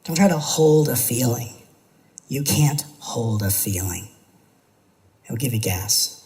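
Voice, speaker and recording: A man's voice: medium pitch, animated, slow pace, mellow, poor audio. A man, a spiritual teacher, giving an earnest talk to an audience, building his points through repetition and now and then slipping into playful mimicry.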